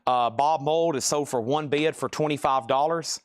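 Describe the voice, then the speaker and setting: A man hosting a live record sale stream, rattling off items, grades and prices in a brisk, matter-of-fact way. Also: a little high, no echo, clean studio sound. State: briefly out of breath. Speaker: livestream record sale host. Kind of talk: live sales patter.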